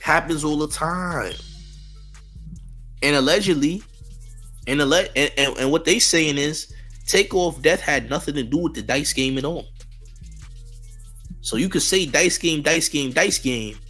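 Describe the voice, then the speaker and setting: A man's voice: on the high side, unhurried, pauses often, pushed and bright, soft background music. A man hosting a news commentary channel, talking in a slangy, mocking way that riffs on and repeats phrases. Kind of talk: casual commentary on celebrity news.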